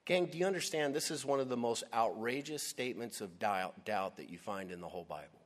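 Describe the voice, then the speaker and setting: A man preaching a sermon in an animated, emphatic way, speaking directly to his listeners. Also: mid-range voice, a little fast, few pauses. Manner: animated, emphatic, addresses audience as "gang".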